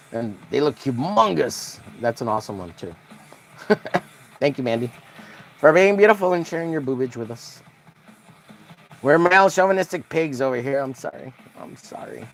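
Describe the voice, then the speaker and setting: A man's voice: mid-range voice, animated, normal speed. A man hosting a casual drawing livestream, joking crudely and greeting viewers by name as he works. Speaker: livestream host.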